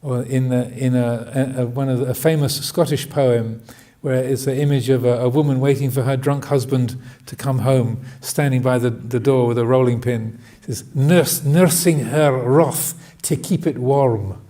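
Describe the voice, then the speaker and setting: A man giving a Buddhist dharma talk, hesitant and full of restarts, often laughing gently. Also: medium pitch, little pitch movement, normal speed, hardly any pauses. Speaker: Buddhist monk teaching.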